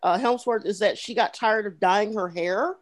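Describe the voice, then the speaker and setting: A woman co-hosting a casual podcast, jumping into a film discussion with excited tangents. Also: medium pitch, normal speed. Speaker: podcast co-host.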